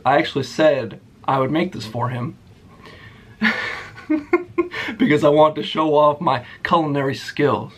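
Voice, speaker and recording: A man's voice: fairly high pitch, fairly bright tone. A young man telling a story about an old job to his channel, blunt and sarcastic, swearing often. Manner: blunt and profane. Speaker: YouTuber. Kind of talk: storytime rant.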